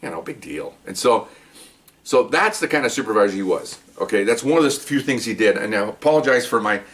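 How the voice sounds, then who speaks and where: A man's voice: fairly low pitch, expressive, a little fast, a bit bright, far from the mic. An older man, a retired police officer, tells rambling stories in a casual monologue, often repeating words and asking "okay?".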